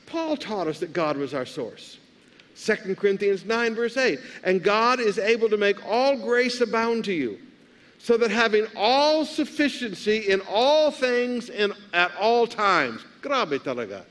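A man's voice: very high voice, lively intonation, slow, fairly bright tone. A man, a pastor preaching a sermon and calling out questions for the congregation to answer.

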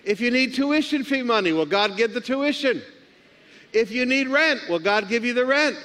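A man's voice: extremely high pitch, expressive, normal speed, pushed and bright. A man, a pastor preaching a sermon and calling out questions for the congregation to answer.

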